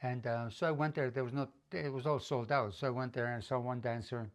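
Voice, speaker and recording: A middle-aged man tells a personal story in a loose, unscripted way. He rambles, stops and restarts, and fills gaps with plenty of "uh"s. When he quotes someone, his voice jumps higher and gets louder, and his pitch sits in an ordinary male middle range. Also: steady tone, fast. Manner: rambling, with many fillers and restarts. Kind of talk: casual spoken life story.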